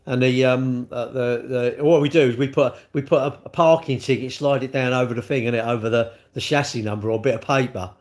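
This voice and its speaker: A man talks loosely to his live stream, rambling from one thought to the next. He jokes at his own expense and answers comments as they come in. His voice sits at an ordinary middle pitch. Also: steady tone, brisk, hardly any pauses. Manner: rambling, jokey, self-deprecating. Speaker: livestream host. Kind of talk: casual chat reading live comments.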